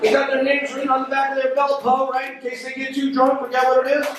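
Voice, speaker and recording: A man performs stand-up in a comedy club and calls out audience members by name between jokes. His voice sits very high. It comes from far off the mic and booms around a roomy club over loud noise. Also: completely flat delivery, quick pace. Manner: crowd work, addressing audience members by name.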